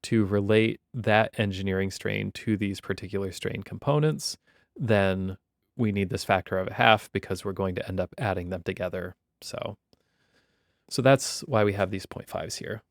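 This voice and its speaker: Male university lecturer, gravelly, relaxed and wry, dry close recording. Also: lowish voice, moderate pace, no echo. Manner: wry, conversational explaining.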